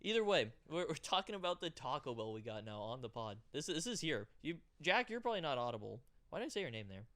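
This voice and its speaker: A man's voice: a little high, big pitch swings, fast talker, hardly any pauses, fairly bright tone. A young man co-hosting a podcast in casual chat, often repeating words and stammering as he talks. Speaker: podcast co-host.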